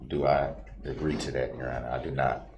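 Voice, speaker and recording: A man's voice: extremely low pitch, flat delivery, fairly quick, a crowd in the background. A man speaking as a defendant in court, objecting in a stubborn, formal way.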